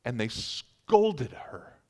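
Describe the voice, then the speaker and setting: A man's voice: medium pitch, very animated, extremely slow. A man preaching a sermon, telling vivid stories and acting out incredulous reactions. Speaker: pastor.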